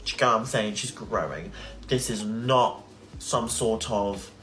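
A man's voice: lowish voice, a little slow, a bit bright. Young man, 20s, heated livestream rant, swearing, faint music behind. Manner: heated, indignant, swears often. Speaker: social media creator on a livestream.

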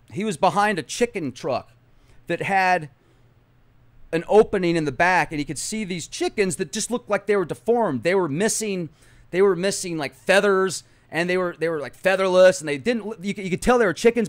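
A man hosting a video, talking to his viewers in a rambling monologue full of rhetorical questions and fillers. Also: on the high side. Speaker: video host.

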